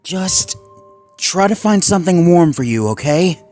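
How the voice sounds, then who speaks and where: A man voicing a young female husky pup who talks in a worried, shivering way while reading a horror story aloud. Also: high voice, expressive, measured pace, darkish tone, faint music behind, pitched above the performer's own voice.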